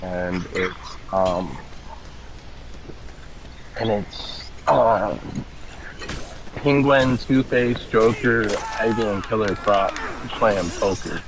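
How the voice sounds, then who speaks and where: A man's voice: lowish voice, very slow, pauses often, background noise. A man giving casual gaming commentary, rambling through a story with lots of swearing. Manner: rambling, swears a lot, frequent laughs.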